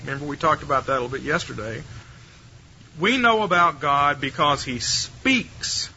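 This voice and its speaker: A man's voice: on the high side, lively intonation, moderate pace, bright, forceful tone, highs cut off, slight background noise. An older man giving a theology lecture to a live audience in a wry, conversational way, putting rhetorical questions to his listeners.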